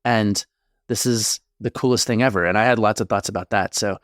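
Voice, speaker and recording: A man's voice: fairly low pitch, steady tone, brisk, dry recording, clean studio sound. A man co-hosting a relationship podcast, telling a story in rambling casual chat with tangents. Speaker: podcast co-host, therapist.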